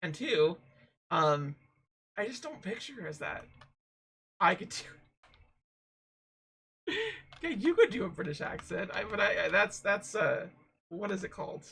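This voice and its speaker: A woman's voice: medium pitch, expressive, unhurried, gravelly, pauses often, fairly bright tone, rough recording. A woman streaming a game, talking in rambling, chatty commentary and laughing often. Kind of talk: casual let's-play commentary.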